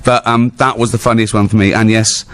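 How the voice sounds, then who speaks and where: A man's voice: fairly low pitch, flat delivery, a little fast. A middle-aged English man with an English accent, a guest telling funny stories in an interview, laughing often, swearing freely and acting out other people's lines. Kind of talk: anecdotal storytelling in a live town hall interview.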